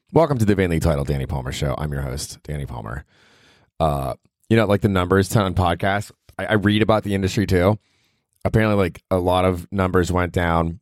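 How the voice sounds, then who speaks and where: A man's voice: sits low, a little mellow, no room sound, studio quality. A male comedian hosting his own podcast, rambling through a casual, profane and self-mocking solo monologue.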